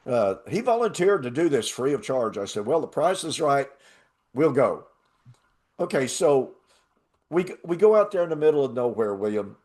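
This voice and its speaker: An older man hosting a talk show, telling a travel story in a casual, animated way and laughing often. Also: on the high side, normal speed. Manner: animated, laughs often, acts out quoted voices. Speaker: show host.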